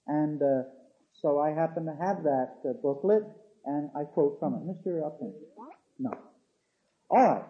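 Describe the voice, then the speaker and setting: A man's voice: on the high side, unhurried, pauses often. A man teaching a theology class, hesitating with fillers and restarts, then reading quoted passages aloud with emphasis. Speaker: theology lecturer. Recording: dull lo-fi classroom recording.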